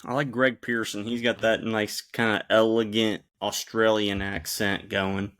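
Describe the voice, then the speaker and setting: A man's voice: on the low side, level tone, measured pace, a bit bright. Teasing man on a casual podcast. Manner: teasing, laughs often, storytelling. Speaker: podcast co-host. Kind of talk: casual chat.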